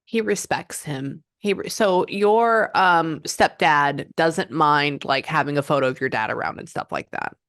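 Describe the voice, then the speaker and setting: A woman working as a psychic medium, giving a client a reading and passing on messages in an animated, chatty way. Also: low-pitched, measured pace, few pauses, no echo, clean studio sound. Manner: animated, relays messages in quotes, frequent "hold on".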